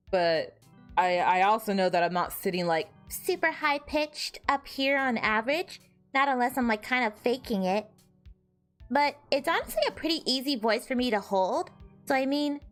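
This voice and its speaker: A young woman streamer chatting casually and rambling, her voice a bit hoarse, with lots of restarts and self-deprecating asides. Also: mid-range voice. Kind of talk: casual livestream chat.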